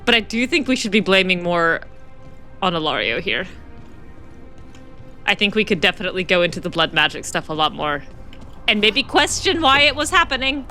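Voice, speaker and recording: A woman's voice: on the low side, pushed and bright. A woman giving chatty, laughing gameplay commentary as a let's-play streamer.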